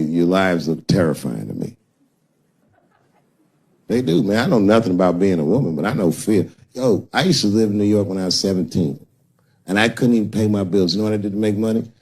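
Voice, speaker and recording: A man's voice: deep voice, lively intonation, normal speed, long pauses, darkish tone, breathy edge. A middle-aged man performing a profane stand-up comedy set on stage, telling stories and acting out other people's voices. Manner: profane storytelling, acts out voices. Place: stage before a live audience. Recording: live show with audience noise.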